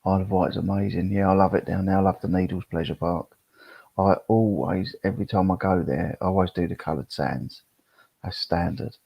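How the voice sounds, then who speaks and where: A man's voice: sits low, steady tone, fairly quick, no room sound. A middle-aged man chatting casually on a live stream, rambling and reading chat comments aloud. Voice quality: gravelly, husky. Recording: dull, lo-fi sound.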